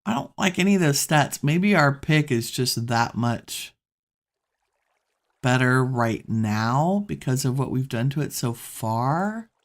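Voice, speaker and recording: Slow, gravelly-voiced woman musing over gameplay. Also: very deep voice, expressive. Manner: musing, talks to herself while playing. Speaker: gameplay streamer. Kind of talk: relaxed gameplay commentary.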